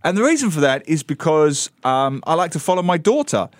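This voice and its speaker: A middle-aged man talks as a guest on a radio interview. His voice sits a little high for a man and he tells his story with lively energy, often acting out the voices of the people he quotes. The studio sound is dry and close. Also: fairly quick, no room sound. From Britain. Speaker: author guest.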